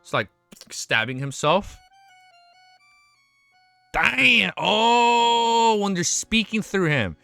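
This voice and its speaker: A man streaming live, reacting to fan art in casual chat, excitable and swearing often with quick exclamations. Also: on the high side, dry recording, soft background music.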